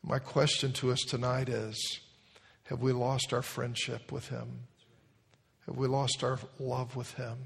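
A male pastor preaching a sermon, telling stories with animated emphasis. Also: medium pitch, unhurried, gravelly, husky. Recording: long hall reverb.

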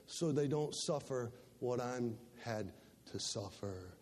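A man preaching a sermon as pastor, emphatic, swinging between loud passages and soft ones and repeating words as he builds. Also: mid-range voice, expressive, slow pace. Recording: long hall reverb.

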